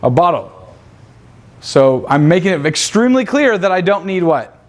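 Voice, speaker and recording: A man's voice: high voice, big pitch swings, normal speed. A man leading a live seminar, brash and profane, firing rhetorical questions at his audience. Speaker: seminar instructor.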